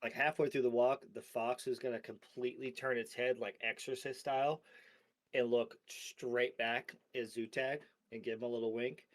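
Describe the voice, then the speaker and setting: A man's voice: medium pitch, flat delivery, normal speed. A man playing in a tabletop game, talking casually and playfully. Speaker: player. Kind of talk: casual chat.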